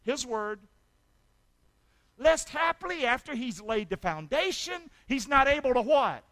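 A man preaching a sermon as pastor, calling for amens and swinging from loud shouts to hushed asides. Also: very high-pitched, sing-song, measured pace.

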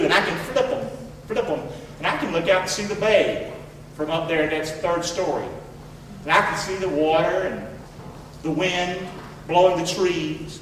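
A man's voice: high-pitched, slight background noise. A man preaching a sermon with fervent, repetitive delivery and many questions to his listeners. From rural area. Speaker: pastor. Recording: echoey hall, voice from far off.

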